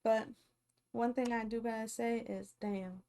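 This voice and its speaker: A young woman giving casual, animated commentary as a reality show vlogger, chatty and full of fillers. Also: fairly high pitch, measured pace, creaky.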